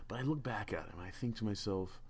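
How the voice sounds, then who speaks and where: A man's voice: on the low side, quick pace, darkish tone, slightly rough. A man telling a rambling, profane story on a casual podcast, stammering and restarting often. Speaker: podcast co-host.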